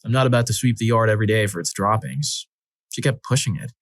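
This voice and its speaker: A man's voice: lowish voice, lively intonation, fast, no echo, clean studio sound. A man reading out relationship stories as a narrator, lifting his voice for the quoted lines. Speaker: story narrator. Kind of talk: scripted narration of reader-submitted stories.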